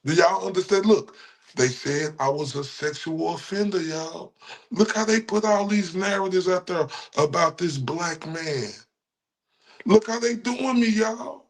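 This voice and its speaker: A man's voice: sits high, measured pace. A man with a Texan accent, a streamer ranting with heated, taunting, profane commentary at his viewers. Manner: heated, repetitive, taunting, addresses viewers as y'all. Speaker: streamer reacting to clips.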